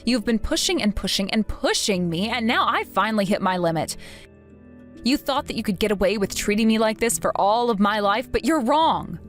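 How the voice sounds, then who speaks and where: A woman's voice: mid-range voice, animated, normal speed, faint music behind, natural voice. A woman voicing a fed-up grown daughter who bluntly and coldly refuses her family. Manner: blunt, cold, firm. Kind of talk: text-story voice acting.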